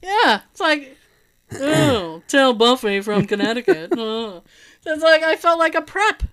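A woman spins a long, animated story in casual conversation, laughing and swearing as she goes. Her voice sits a bit high, swoops widely and has a bright, forceful edge. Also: measured pace.

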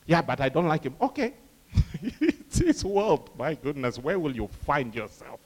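A man preaching a lively sermon, acting out quoted voices and laughing along with his congregation. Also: on the high side, a little slow. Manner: animated, acts out quoted voices, laughs with the crowd.

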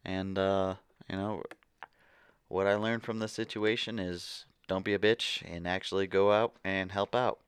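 A man's voice: deep voice, level tone, a little slow, clear, resonant tone, no echo, studio quality. A young man co-hosting a podcast, telling a story in a laid-back, slangy way with plenty of swearing. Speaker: podcast co-host.

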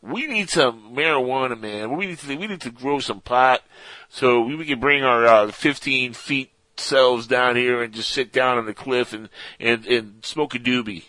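A man's voice: medium pitch, moderate pace, bright, forceful tone, no room sound, pitched above the performer's own voice, lightly acted, low-quality recording. A man voicing a laid-back stoner alien who talks like a surfer dude, drawling and slangy. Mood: dreamy.

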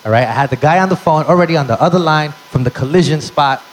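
A man's voice: a little high, fast talker, a little hiss or hum, poor audio. A man telling a stand-up story in a brash, profane way, tossing in Spanish phrases. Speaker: stand-up comedian.

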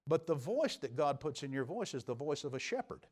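A middle-aged man preaching as pastor in a church, building to emphatic peaks and dropping to quiet, confiding asides. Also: fairly high pitch, big pitch swings, brisk, husky. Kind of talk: sermon. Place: church sanctuary.

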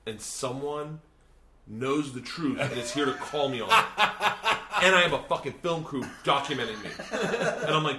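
A man's voice: mid-range voice, a little fast, pushed and bright, echoey room, slight background noise. A man telling a long, profane story casually in a hotel room, laughing often and acting out the people he quotes. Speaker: podcast host and comedian.

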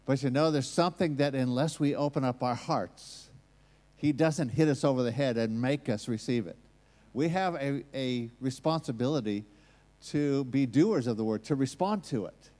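A man's voice: medium pitch, moderate pace, darkish tone. An American man preaching a sermon and leading prayer, earnest and rising to emphatic points. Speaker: guest preacher. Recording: long hall reverb.

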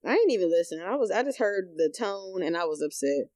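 A woman's voice: fairly low pitch, animated, fast, darkish tone. A woman co-hosting a podcast, talking bluntly and casually and swearing freely. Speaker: podcast co-host. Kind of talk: casual chat.

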